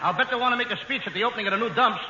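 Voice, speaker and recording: A brash man cracks quick jokes in a high voice on a 1940s radio comedy show. The old broadcast is noisy and roomy. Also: dull audio. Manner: brash, wisecracking.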